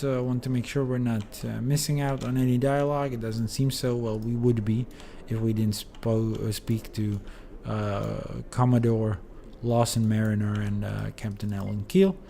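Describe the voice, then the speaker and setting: A man's voice: lowish voice, little pitch movement, moderate pace, gravelly, few pauses, mellow, slight background noise. Sleepy, rambling male game streamer. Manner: rambling, hesitant, many fillers. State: sleepy, yawning. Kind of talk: casual let's play commentary.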